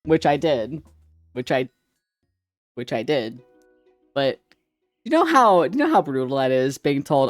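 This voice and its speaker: A man's voice: medium pitch, sing-song, unhurried, pauses often, soft background music. A man streaming live, chatting casually with viewers in a rambling way, laughing often and swearing freely.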